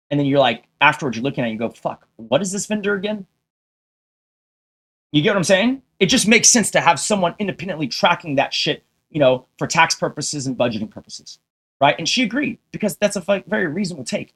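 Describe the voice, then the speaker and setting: His voice runs on the high side, fairly bright and expressive, and he talks at a quick pace. Ranting to his livestream audience, he swears heavily, sounds combative and fed up, and presses his argument with rhetorical questions aimed at viewers.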